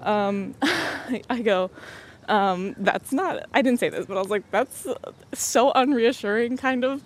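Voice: mid-range voice, a bit bright. Giggly young podcast host telling a story. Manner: laughs often, acts out quoted dialogue. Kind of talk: casual storytelling chat.

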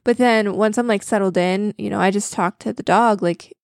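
A woman's voice: mid-range voice, steady tone, moderate pace, gravelly, a little mellow, no room sound. Female podcast co-host, candid and self-deprecating, mid-range voice, dry close mic. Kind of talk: casual chat.

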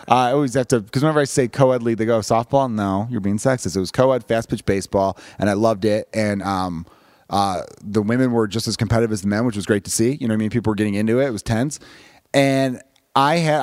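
A man hosting a podcast in loose, casual chat, with a steady mid-range voice. He talks very fast and swears freely, piling up restarts as he rambles through a story. The sound is close and dry, with no room around it. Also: medium pitch, dry recording. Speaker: podcast host.

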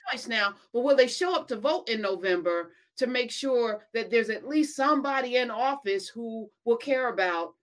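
A woman's voice: fairly high pitch, expressive, moderate pace, hardly any pauses. Woman host, earnest and reflective, easy conversational tone. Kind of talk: casual conversation.

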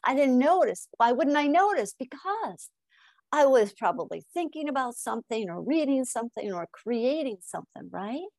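A middle-aged woman from Connecticut speaks as a hypnotist guest on a podcast, in a voice that sits on the higher side. She tells lively stories, laughs often and repeats phrases for emphasis. The sound is dry and close, with no room around it. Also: normal speed, no echo. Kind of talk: podcast interview.

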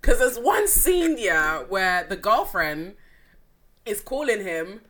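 Animated, laughing young woman. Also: medium pitch, slow pace. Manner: animated, acts out quotes, laughs a lot. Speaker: podcast co-host. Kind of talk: casual true-crime chat.

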